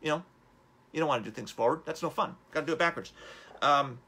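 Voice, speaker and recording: A man's voice: a little high, quick pace, bright, forceful tone, slightly rough. A man hosting a live-streamed motivational talk, upbeat and rambling as he urges viewers on. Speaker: host.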